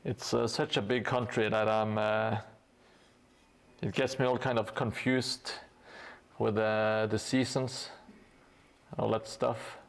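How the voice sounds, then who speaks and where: A man's voice: fairly low pitch, flat delivery, slow, vocal fry, long pauses. A tired man from Norway chatting casually with viewers on a live stream while painting, joking and hesitant with many fillers.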